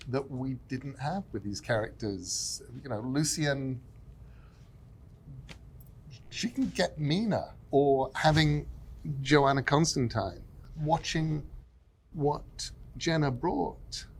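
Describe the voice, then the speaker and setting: A man's voice: on the high side, slight background noise. A man who created the series, speaking thoughtfully and with enthusiasm at a panel. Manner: thoughtful, enthusiastic, builds lists of adjectives. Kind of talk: panel discussion.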